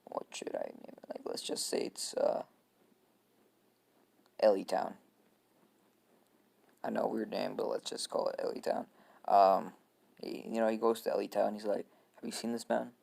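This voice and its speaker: A man tells a story off the cuff, stopping often on fillers and restarts. His voice sits low and gravelly. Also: little pitch movement, unhurried, pauses often, darkish tone. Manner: hesitant, lots of fillers. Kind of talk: casual improvised storytelling.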